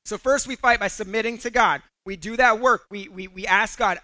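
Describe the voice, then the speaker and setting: A male pastor preaches with a high, bright voice, animated as he tells a story and acts out its voices. The sound is close and dry. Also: moderate pace, few pauses, dry recording. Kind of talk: sermon with personal story.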